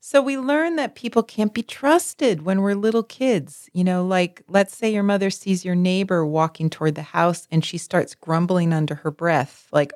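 A woman's voice: fairly low pitch, normal speed, few pauses, no echo, clean studio sound. A woman in casual conversation as co-host, telling stories expressively and acting out the people in her examples. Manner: expressive, animated storytelling with vivid voiced examples. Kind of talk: casual chat.

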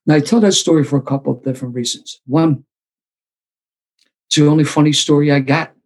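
A man's voice: medium pitch, gravelly, breathy edge. An older man, telling his recovery story at a sober meeting with self-deprecating humor. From Philadelphia.

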